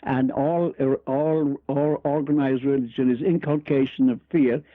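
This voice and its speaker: A man's voice: medium pitch, fairly even intonation, a little slow, no room sound. An older Irish man, a guest author, telling rambling, humorous stories with frequent restarts and chuckles. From Ireland. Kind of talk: storytelling interview chat. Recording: tinny phone-line radio audio.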